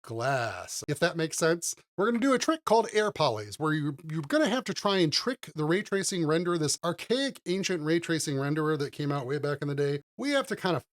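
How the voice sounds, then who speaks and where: Chatty, upbeat man walking through software. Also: a little high, big pitch swings, a little fast, few pauses. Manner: enthusiastic, chatty, addresses viewers as guys. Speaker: host of a retro 3D animation channel. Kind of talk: casual screen-recorded software tutorial.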